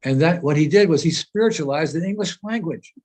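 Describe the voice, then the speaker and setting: A man's voice: fairly high pitch, animated, fairly quick, a little mellow. A man speaking as a spiritual teacher in an informal discussion, earnest and explanatory, often repeating phrases as he searches for words.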